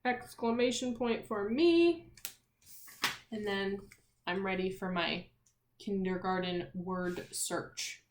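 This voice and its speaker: A woman's voice: mid-range voice, echoey room, noisy background. A woman teaching young children in a remote lesson, spelling out words letter by letter and asking the class encouraging questions. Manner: slow, clear, spelling out letters and sounds.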